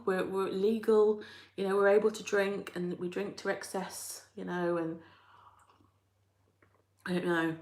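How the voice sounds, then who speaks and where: A woman hosting a live chat, reading out viewer comments in a rambling, chatty way and laughing often. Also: medium pitch. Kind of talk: casual chat. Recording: roomy echo.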